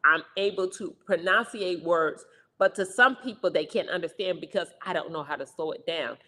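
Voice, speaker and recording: A young woman co-hosting a casual talk show, talking fast and loudly in an animated, energetic way. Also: lowish voice, in a large hall. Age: young adult. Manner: fast, loud, animated talker. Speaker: co-host, stroke survivor. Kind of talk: casual chat.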